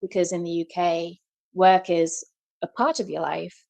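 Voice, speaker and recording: Liverpool woman with a softened Scouse accent. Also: lowish voice, measured pace, vocal fry. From Liverpool, England. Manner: animated storyteller. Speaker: podcast co-host. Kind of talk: casual chat.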